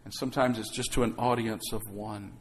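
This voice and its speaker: A man's voice: lowish voice, fairly even intonation, a little fast, slight background noise. A man pastor preaching a sermon to his congregation, calling out for amens and acting out quotes. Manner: calls for amens, acts out quotes. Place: church sanctuary.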